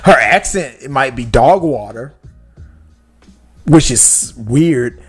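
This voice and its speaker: A man hosting a casual movie podcast, talking in an animated way with many restarts. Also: mid-range voice, takes it slowly, breathy edge, faint music behind. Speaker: podcast host.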